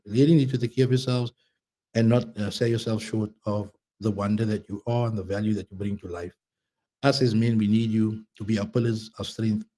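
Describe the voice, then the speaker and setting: Man, casual vlogger, mellow low-key tone, rambling and profane, lots of restarts. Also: level tone, a little fast. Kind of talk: casual monologue.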